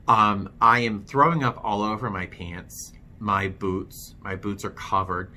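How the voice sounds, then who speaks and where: A man's voice: fairly low pitch, fairly even intonation, a little slow, bright, forceful tone. A man vlogging his own recovery story, frank and self-deprecating, talking loosely with plenty of fillers. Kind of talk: candid personal storytelling to camera.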